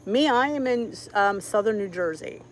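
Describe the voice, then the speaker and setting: A woman's voice: mid-range voice, lively intonation, moderate pace, a little hiss or hum, low-quality recording. A middle-aged woman with a Philadelphia accent, chatting casually on a live stream from home and greeting viewers by name. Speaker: cooking channel host.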